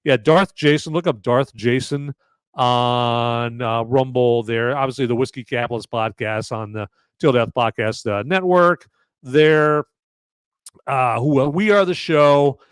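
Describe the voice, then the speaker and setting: A man's voice: mid-range voice, measured pace, smooth, no room sound, studio quality. Rambling man hosting a movie podcast. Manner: rambling, many fillers and restarts. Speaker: podcast host. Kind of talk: live casual movie review chat.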